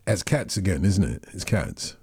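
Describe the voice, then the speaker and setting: A man's voice: sits low, expressive, moderate pace, a little mellow, slightly rough, dry recording, clean studio sound. A man hosting a radio phone-in, chatting and teasing, often correcting himself. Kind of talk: casual on-air chat.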